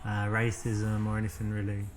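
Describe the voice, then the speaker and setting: A man's voice: on the low side, monotone, moderate pace, a little hiss or hum, lightly acted. An actor with an English accent playing a smug British man who boasts and rambles to a woman on a date, filling his talk with ums and restarts. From England. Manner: cocky, rambling, full of fillers.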